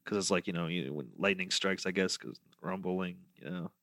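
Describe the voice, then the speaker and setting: A man's voice: sits low, fairly even intonation, normal speed, fairly bright tone, no echo, clean studio sound. A young man co-hosting a casual podcast, teasing his friend and laughing often. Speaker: podcast co-host. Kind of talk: casual chat about a cartoon series.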